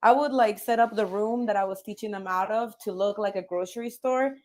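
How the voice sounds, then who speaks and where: A woman joining a casual chat as a guest, telling a story in a chatty, giggly way. Her voice sits at a middle pitch. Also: a little fast, darkish tone.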